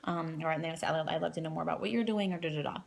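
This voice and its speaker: A woman's voice: low-pitched, very fast, gravelly. A woman in her thirties giving a casual training talk to new coaches, rambling with lots of fillers and restarts.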